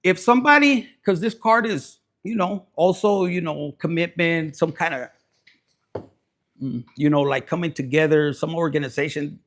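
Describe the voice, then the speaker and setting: A man with a high-pitched voice doing a casual tarot reading to camera. He talks bluntly and heatedly, cursing freely as he addresses his viewers. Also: moderate pace, fairly bright tone. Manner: blunt, profane and fired-up. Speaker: tarot reader.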